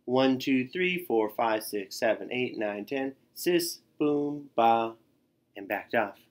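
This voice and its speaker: A man reading a children's picture book aloud in an expressive way, with gasps and sighs. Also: mid-range voice, takes it slowly. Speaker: storyteller.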